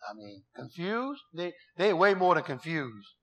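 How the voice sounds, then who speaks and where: A middle-aged man preaching a sermon in a folksy, emphatic way, reading scripture slowly and telling stories full of quoted dialogue. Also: on the high side, big pitch swings, a bit bright.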